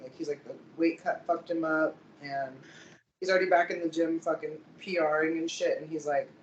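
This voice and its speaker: A woman's voice: low-pitched, moderate pace. Enthusiastic young woman in a roomy space. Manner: enthusiastic, swears casually. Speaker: podcast co-host. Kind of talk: casual profane chat. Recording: roomy, dull, slight noise.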